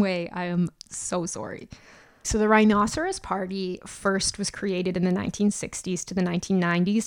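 Woman, mid pitch, podcast host, casual and self-mocking comic patter. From Alberta, Canada. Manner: chatty and self-deprecating, joking asides. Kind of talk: casual comedic monologue.

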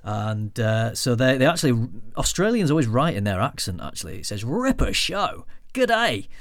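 A man's voice: medium pitch, expressive, brisk, no echo, studio quality. A man co-hosting a podcast, chatting casually and rambling a little with restarts. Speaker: podcast co-host.

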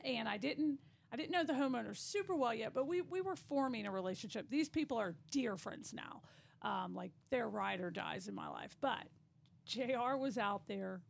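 A woman with a West Texas accent chatting as a podcast guest, an animated storyteller who acts out the voices of people she describes. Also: on the high side, gravelly, slight background noise. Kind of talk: casual podcast chat.

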